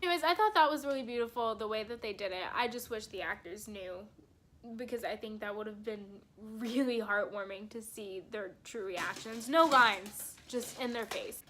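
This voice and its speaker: Bright-voiced excitable young woman vlogger. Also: mid-range voice, moderate pace, a little hiss or hum. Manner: chatty, excitable fan, laughs often, swears casually. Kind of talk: casual movie review chat.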